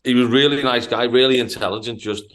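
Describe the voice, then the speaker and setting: A man from Liverpool with a Liverpool accent, telling a profane, animated story on a casual podcast. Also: medium pitch, fast. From Liverpool, England. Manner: profane, animated anecdote-telling with stammered restarts. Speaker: podcast host.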